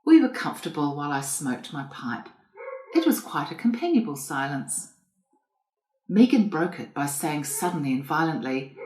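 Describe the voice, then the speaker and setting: A woman narrating an audiobook in a composed, even storytelling manner. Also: deep voice, moderate pace. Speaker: reader. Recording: roomy echo.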